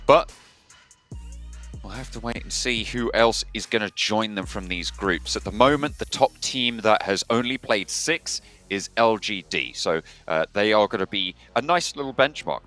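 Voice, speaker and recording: A man casting an esports match, steady and analytical about points and standings. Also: lowish voice, normal speed, faint music behind. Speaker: caster. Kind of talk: match commentary.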